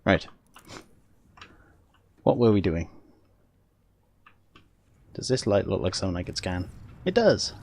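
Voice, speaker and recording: A man's voice: sits low, big pitch swings, slow, pauses often, a little mellow. A man with a Welsh accent giving casual gameplay commentary as a streamer, chatting with viewers and laughing often.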